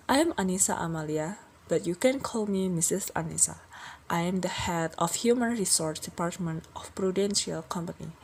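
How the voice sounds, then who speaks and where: A young woman acting as a company department head in a scripted role-play, giving a measured training presentation and reading example phrases as a list. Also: lowish voice, darkish tone, a little hiss or hum. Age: young adult.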